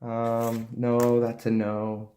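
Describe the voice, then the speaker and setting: A man's voice: medium pitch, monotone, extremely slow, warm tone. Rambling, casual man showing his comics. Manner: rambling, lots of ums and uhs. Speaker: comic collector vlogger. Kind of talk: casual show-and-tell vlog.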